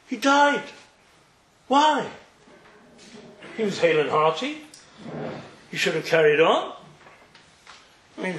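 A man giving a storytelling Torah lecture, acting out the characters' dialogue with humorous asides. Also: a little high. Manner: animated, acts out dialogue in voices, humorous asides. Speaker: Torah teacher. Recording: echoey room with faint noise.

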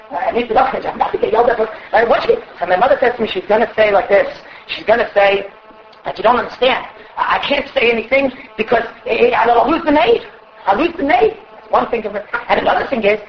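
A woman giving a religious Torah class, speaking with passion, often rising to a shout and acting out the conversations she quotes. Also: fairly high pitch, animated, brisk, echoey room, dull audio, a little hiss or hum. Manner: impassioned, often raising her voice to a shout. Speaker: religious teacher.

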